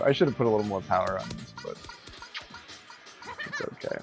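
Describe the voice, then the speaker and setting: A man's voice: on the low side, huge pitch swings, a little fast, gravelly, soft background music. A man streaming a golf game, chatting casually, laughing often and swearing freely. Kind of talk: casual live game commentary.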